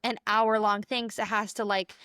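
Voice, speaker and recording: A young woman co-hosting a podcast tells a story in casual chat, acting out the quotes as she goes. Her medium-pitched voice is flat in delivery, pushed and bright, at a moderate pace. The clean studio sound has no room sound.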